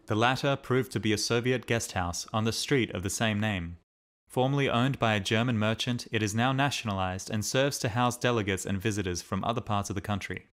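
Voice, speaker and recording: A man narrating a diary as an audiobook in a steady, measured reading. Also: on the low side.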